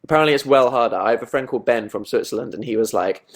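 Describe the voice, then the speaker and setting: A man's voice: mid-range voice, racing. A young man chatting casually on a livestream, reading out viewer comments with self-mocking asides. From Britain. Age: young adult. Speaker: livestream host.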